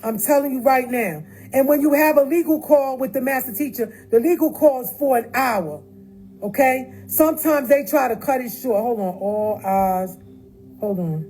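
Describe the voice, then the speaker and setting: A woman's voice: sits high, moderate pace, dark tone, faint music behind, poor audio. Emphatic woman on a phone livestream. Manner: emphatic, repeats phrases, addresses viewers directly. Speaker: livestream host. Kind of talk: casual livestream talk.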